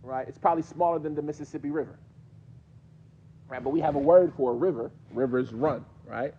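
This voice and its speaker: A man's voice: a little high, fairly quick, lo-fi sound, slight background noise. A man with a New York accent teaching a mosque class, questioning his students in a conversational way. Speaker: teacher explaining hadith.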